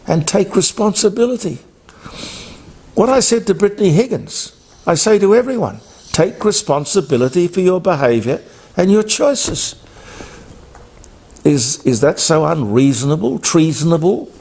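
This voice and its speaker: A man's voice: high-pitched, creaky, darkish tone, breathy edge. Australian male radio host, blunt and emphatic, rambling opinion talk.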